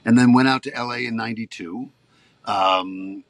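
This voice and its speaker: A man's voice: medium pitch, moderate pace, no room sound. A man in his fifties, an actor and podcast guest, telling stories in casual chat and getting worked up as he goes. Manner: animated storyteller, gets worked up.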